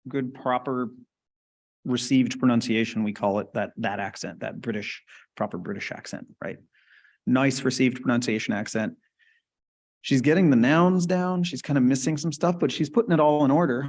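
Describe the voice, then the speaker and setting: A man's voice: mid-range voice, brisk. A man giving a conversational clinical lecture at a conference, often checking in with the audience. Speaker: conference lecturer on stroke speech therapy.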